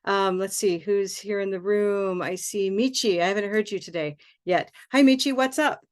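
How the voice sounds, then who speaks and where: A woman pronunciation teacher leads a live online class in an upbeat, encouraging voice, heard through a computer mic on a video call. She models syllable rhythm in clear repeated chants and laughs easily between her prompts. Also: medium pitch, moderate pace.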